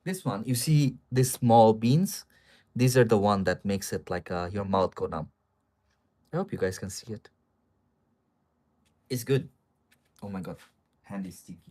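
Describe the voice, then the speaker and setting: A man's voice: fairly low pitch, measured pace, long pauses, warm tone. A man hosting a casual live stream, chatting straight to his viewers with plenty of fillers.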